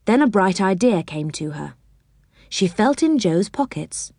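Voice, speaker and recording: A woman reading a children's story aloud, expressive and unhurried. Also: mid-range voice, no room sound, studio quality.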